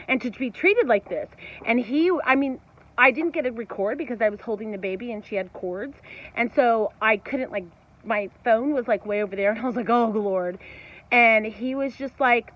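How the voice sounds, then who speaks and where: A woman, angrily recounting a personal story in a casual vlog, indignant and fiery, talking in quick bursts. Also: a little high. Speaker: channel host. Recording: dull lo-fi audio.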